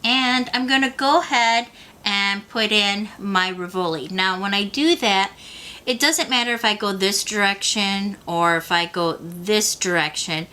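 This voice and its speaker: Bright-voiced woman teaching beadwork. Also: medium pitch. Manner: patient, talks the viewer through each step. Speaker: beading instructor. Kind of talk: step-by-step craft tutorial.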